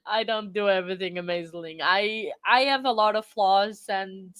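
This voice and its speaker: A woman hosting a casual livestream, tearful and laughing as she thanks her viewers, halting and repeating herself. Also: mid-range voice, a bit bright, clean tone, no room sound. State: crying. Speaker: livestream host.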